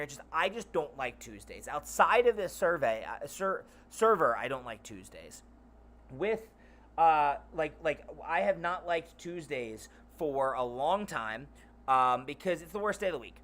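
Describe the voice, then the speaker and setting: A young man with a bright, ringing voice talks loudly in a loose, rambling monologue as host of his own channel. His voice sits a little higher than most men's. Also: moderate pace. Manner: loud, rambling and animated.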